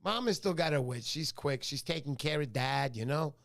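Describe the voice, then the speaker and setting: A man's voice: a little high, expressive, normal speed, gravelly, a bit bright. A middle-aged man hosting a casual fishing livestream, chatty and joking as he greets viewers by name. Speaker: fishing show host. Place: home livestream.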